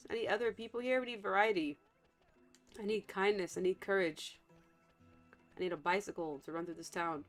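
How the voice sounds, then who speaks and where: Woman streamer, relaxed chatty gameplay talk over soft game music. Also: mid-range voice, a little fast, pauses often. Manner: chatty, rambling, thinks aloud with restarts. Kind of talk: casual gameplay commentary.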